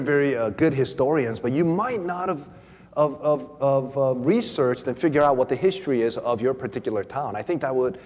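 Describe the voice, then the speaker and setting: Animated man preaching in a reverberant hall. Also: medium pitch. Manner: animated, repeats words, acts out quoted voices. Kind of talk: conference teaching talk.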